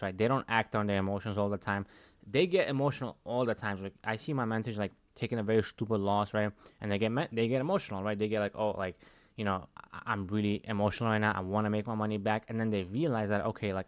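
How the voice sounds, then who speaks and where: A man's voice: fairly low pitch, no room sound. A man giving a casual talking-head lesson on trading, speaking conversationally and tagging his sentences with "right?". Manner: conversational, keeps adding "right?" tags. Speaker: trading educator.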